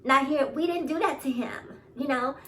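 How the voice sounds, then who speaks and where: A woman's voice: high-pitched, moderate pace, a little mellow, recorded from a distance, a little hiss or hum, rough recording. A woman with a New York accent giving casual opinion commentary, emphatic, repeating her points and laughing often. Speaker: commentary vlogger.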